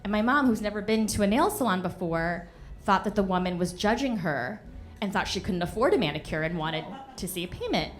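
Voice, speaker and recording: A young woman telling a comedic story on a stage in front of an audience, animated, punchy and often laughing. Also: medium pitch, brisk. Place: stage of a live venue before an audience.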